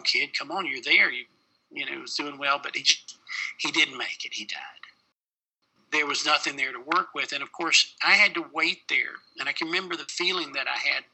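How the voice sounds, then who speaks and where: Gravelly-voiced middle-aged man recounting. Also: medium pitch, bright, forceful tone, poor audio. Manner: plain-spoken, many fillers like "you know". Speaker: paramedic. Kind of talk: personal storytelling in an interview.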